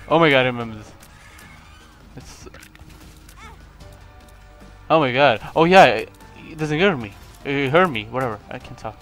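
A young man from Lithuania, a native Lithuanian speaker, giving rambling, self-mocking commentary on his own gameplay, with sudden excited yelps. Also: medium pitch, moderate pace, long pauses, faint music behind. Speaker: gaming channel host.

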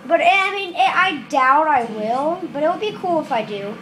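A woman giving casual commentary over her own game, jittery and nervous that turns into shouted excitement, recorded on a camera filming the screen. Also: sits high, normal speed, slight background noise. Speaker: gameplay commentator.

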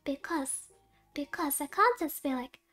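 A young woman streams a game live in a very high, bright-toned voice. She talks slowly and unhurriedly, turning her play into mock-heroic, melodramatic declarations and dropping Japanese words into her English. Faint game music plays underneath. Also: lively intonation. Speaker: VTuber streamer.

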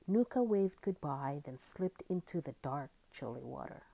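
A woman reading a children's picture book aloud in a gentle, expressive way. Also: low-pitched, normal speed, gravelly. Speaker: storyteller.

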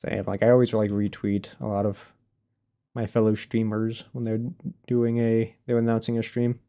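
A man's voice: on the low side, monotone, normal speed, mellow. A man streaming a game live, chatting casually, laughing often and answering his chat as he plays.

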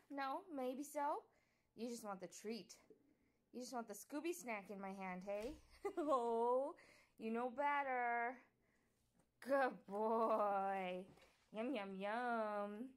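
A woman hosting a casual vlog from inside a car, chatting and doting on her dogs in baby talk. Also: fairly high pitch. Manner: doting baby talk to pets, laughs often. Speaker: vlog host. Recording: distant mic, loud road noise.

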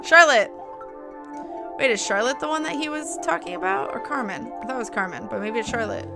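A woman's voice: high-pitched, animated, brisk, creaky, over music. A woman live-streaming a game, chatting casually and thanking viewers by name, with playful mock indignation.

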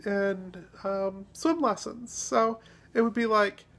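A woman chatting casually in a vlog, relaxed and self-deprecating, pausing often as she thinks. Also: mid-range voice. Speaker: video blogger.

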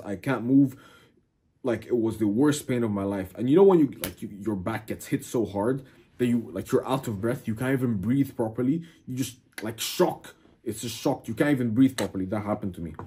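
Husky young man telling a wild story. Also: medium pitch, moderate pace. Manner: animated, swears a lot, keeps saying "bro". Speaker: vlogger. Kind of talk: casual storytelling to camera.

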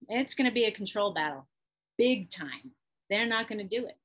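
Woman, husky, breathy edge, expressive parenting lesson to camera. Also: mid-range voice, moderate pace, poor audio. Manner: expressive, acts out parent and child. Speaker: channel host teaching parents. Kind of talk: instructional talk to camera.

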